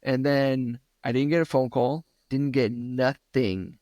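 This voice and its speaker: A man's voice: mid-range voice, fairly even intonation, slow pace, no room sound. A young adult man co-hosting a podcast, telling a home repair story in casual, profane chat and acting out what others said. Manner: profane storytelling with acted-out quotes; rants loudly when worked up. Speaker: podcast co-host.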